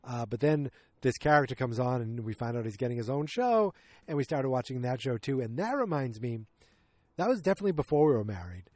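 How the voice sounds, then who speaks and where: A man's voice: mid-range voice, big pitch swings, fairly quick, darkish tone, no echo. Man casually recapping a sitcom. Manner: rambling, acts out quotes in raised voices. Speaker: podcast host.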